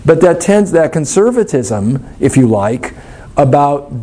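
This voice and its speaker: A man's voice: on the high side, big pitch swings, unhurried, dark tone. A man leading a church study class, explaining things in an informal, thoughtful and wry way while answering questions.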